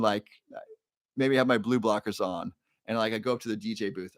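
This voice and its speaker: A man's voice: lowish voice, a little fast, no echo. Chatty male livestream host, dry sound. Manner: chatty storyteller, repeats key phrases. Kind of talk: casual livestream monologue.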